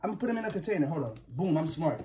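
A young man talking to his viewers in a casual vlog, nervous and rambling, with a slightly husky voice. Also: on the high side, very animated, rapid-fire, mellow. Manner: nervous, jumpy, rambling, slangy, yelps and laughs. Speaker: vlogger.

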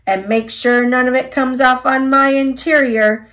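A woman voicing a gruff male taxi driver in a storybook, growling and bitter. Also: high voice, steady tone, a little slow, fairly bright tone. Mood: grumpy.

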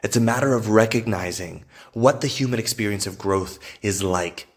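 A man's voice: on the low side, moderate pace. A man hosting a podcast, delivering a motivational monologue in an emphatic, repetitive way and swearing freely. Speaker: podcast host.

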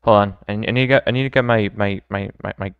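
A young man hosting a let's play, giving relaxed, mumbling asides during gameplay. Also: on the low side, fast, smooth, no echo, phone-quality sound. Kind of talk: casual gameplay commentary.

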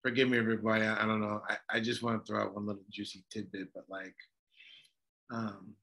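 A man's voice: lowish voice, flat delivery, quick pace, bright, forceful tone. A man on a podcast, chiming in with hesitant, tentative remarks. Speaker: podcast co-host. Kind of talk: casual chat.

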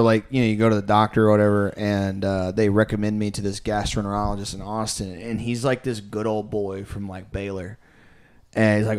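Brief: young guy, podcast co-host, crude rambling storyteller, does quick voices of other people. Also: fairly low pitch, clear, resonant tone. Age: young adult. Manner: rambling, crude, animated, mimics a drawling old doctor. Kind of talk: casual comedic storytelling.

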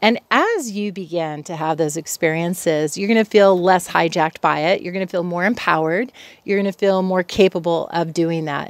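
A woman's voice: on the low side, dry recording. A middle-aged woman, a clinical psychologist, talking casually to camera from her home patio, chatty and easily sidetracked. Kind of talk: casual educational talk to camera.

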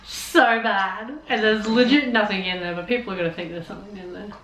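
A young woman hosting a reaction video, talking back at the screen with lots of swearing and excited outbursts. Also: mid-range voice, fairly quick, crowd noise. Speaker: reaction channel host. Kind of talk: casual reaction commentary. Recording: roomy echo, TV sound under. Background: show audio playing from the TV.

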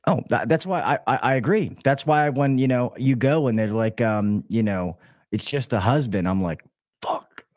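A man's voice: medium pitch, expressive, normal speed, darkish tone, dry recording, studio quality. A man who works as an HVAC technician, a podcast guest telling work stories with lots of swearing and restarts. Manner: profane, rambling storyteller with many restarts. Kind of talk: casual podcast chat.

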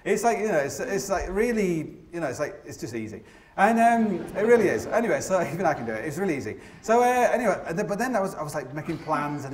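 A man in his forties tells climbing stories on stage at a rapid clip, rambling, self-mocking and stumbling through restarts. His voice sits a little high and rings around the big, echoey theatre. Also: big pitch swings, slight background noise. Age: 40s. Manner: rambling, self-deprecating, heavy with fillers. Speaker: mountaineer giving a live talk. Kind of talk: live comic storytelling to an audience. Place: opera house stage.

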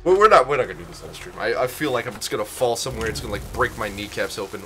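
A young man's fairly low, fairly bright voice races along animatedly, with a little hiss or hum on the recording and game music behind him. Streaming his play, he jokes, swears, and riffs in silly quoted voices as gameplay commentary.

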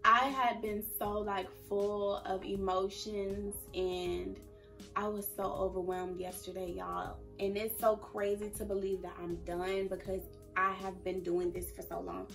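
A woman's voice: medium pitch, little pitch movement, measured pace, creaky, fairly bright tone, recorded from a distance, faint music behind. A young woman in her early twenties talking casually to camera in a vlog, emotional and fighting back tears. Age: early 20s. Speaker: vlogger.

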